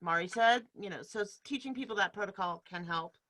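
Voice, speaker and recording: A woman's voice: medium pitch, a little fast, fairly bright tone. A woman teaching an online workshop over a video call, explaining with demonstrations and easy laughs. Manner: explanatory, demonstrates speech patterns, laughs easily. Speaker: workshop leader. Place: home room in front of a bed sheet.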